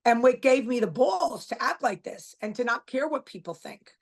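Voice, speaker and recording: A woman's voice: a little high, expressive, moderate pace, vocal fry. A middle-aged woman, a guest and author, talking bluntly and emphatically in a casual interview, repeating her points.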